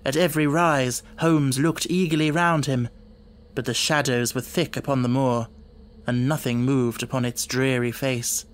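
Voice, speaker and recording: A man narrating an audiobook in a steady, dramatic storytelling manner. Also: mid-range voice, measured pace.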